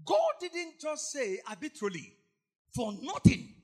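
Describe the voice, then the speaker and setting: A man preaching an impassioned sermon, repeating phrases, shouting and breaking into song. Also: very high voice, wildly swooping pitch, a little slow. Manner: impassioned, repetitive, bursts into shouting and snatches of song.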